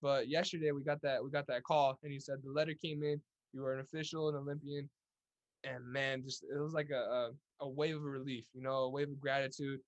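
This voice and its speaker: A man's voice: medium pitch, flat delivery, fairly quick, lo-fi sound. A young man from California's Central Valley, a boxer talking earnestly as a guest in a casual interview, often repeating words as he goes. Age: young adult.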